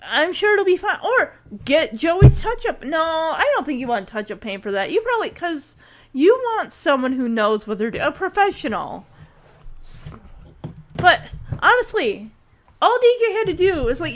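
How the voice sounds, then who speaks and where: A woman commenting casually on a TV episode, telling the story in an animated way and acting out the characters. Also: very high voice, moderate pace. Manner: chatty, with many fillers and restarts. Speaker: reaction video host.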